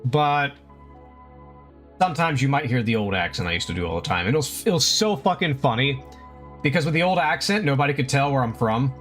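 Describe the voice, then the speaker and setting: A male streamer rambles casually to his chat while working on pixel art, laughing often and swearing freely. His voice sits at a middle pitch. Faint music plays behind him. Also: lively intonation, fairly quick, a bit bright.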